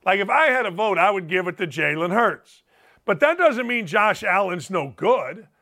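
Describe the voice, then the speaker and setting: A man hosting a sports talk show, arguing his case in an emphatic monologue. His voice sits high and bright. His pitch swings widely as he presses each point. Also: very animated, normal speed. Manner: emphatic, argumentative, mock-quotes critics in a higher voice. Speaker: sports radio host.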